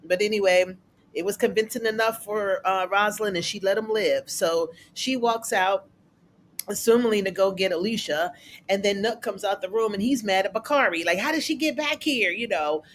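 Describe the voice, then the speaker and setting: A TV recap reviewer who chats casually through an episode. They talk in a loose, colloquial way and jump up in pitch when acting out the characters' lines. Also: moderate pace, fairly bright tone, slight background noise. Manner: chatty, colloquial, acts out characters' lines in a raised voice.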